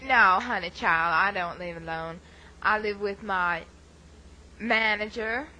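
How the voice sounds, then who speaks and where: A woman's voice: mid-range voice, takes it slowly, pushed and bright, a little hiss or hum, low-quality recording. A woman voicing a coy female film star with a put-on Southern accent, drawling and calling people honey. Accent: put-on American Southern. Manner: drawling, calls everyone honey.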